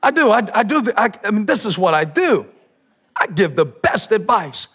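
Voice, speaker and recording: Man, preaching on a church stage, animated, high-pitched, shouting emphasis, joking asides. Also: moderate pace, slightly rough. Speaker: pastor. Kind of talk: sermon.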